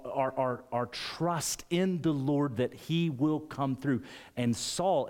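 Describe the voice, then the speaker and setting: A man preaching a sermon, retelling a scripture story with animated emphasis. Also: mid-range voice.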